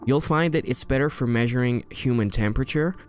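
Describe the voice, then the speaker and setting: A man's voice: medium pitch, brisk, smooth, faint music behind, natural voice. A man voicing a mocking impression of a nitpicky American know-it-all who corrects people. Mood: smug.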